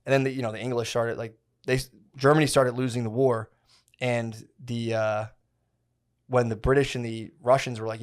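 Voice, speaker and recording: Young male podcast co-host, mid-pitched voice, casual and profane, loose storyteller full of fillers. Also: steady tone, brisk. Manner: rambling, profane, slangy storytelling with many fillers.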